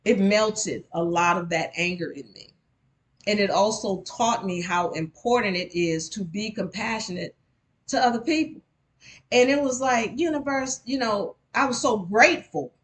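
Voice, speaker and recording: A woman telling a personal story to a live audience, speaking directly to the crowd and pushing her voice up sharply when she gets heated. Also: medium pitch. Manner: animated, addresses the audience directly, voice rises sharply in anger. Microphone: microphone at a live event.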